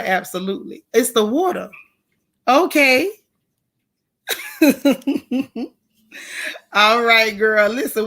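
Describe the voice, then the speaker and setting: A woman from Florida, hosting a casual livestream and chatting with viewers in a blunt, animated, slangy way. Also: mid-range voice. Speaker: livestream host. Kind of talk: casual livestream chat reading viewer comments.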